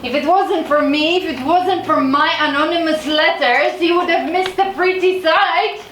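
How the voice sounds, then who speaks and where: An actress on stage playing an anxious young maid who teases and pleads. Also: female voice, very high-pitched, fairly bright tone. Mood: gloating. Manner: slow, pleading, teasing. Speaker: stage actor. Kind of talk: live stage drama. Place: small theatre stage. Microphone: distant room mic. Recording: echoey theatre from far off, audible noise.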